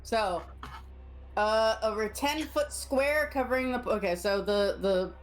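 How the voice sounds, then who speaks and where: A woman playing in a tabletop game over a voice call, relaxed and joking while she plans her turn. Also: on the high side, measured pace. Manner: relaxed, joking, thinks aloud with fillers. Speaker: player.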